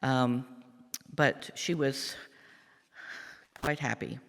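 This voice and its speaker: Gravelly older man, halting storyteller. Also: medium pitch, steady tone, a bit bright. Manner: halting, reflective storytelling with many fillers. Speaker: lay speaker giving a meditation. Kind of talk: personal family story in a church service. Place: church sanctuary. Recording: long church reverb.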